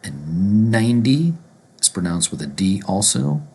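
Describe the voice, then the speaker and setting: Slow, husky, deep-voiced man teaching. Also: expressive. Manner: deliberate, repeats each word slowly. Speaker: pronunciation teacher. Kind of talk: slow instructional explanation.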